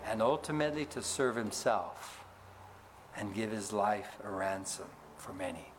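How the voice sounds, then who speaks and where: A male pastor preaching a sermon, asking the congregation to fill in words, rising for emphasis and dropping low to close each point. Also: expressive, unhurried, slight background noise.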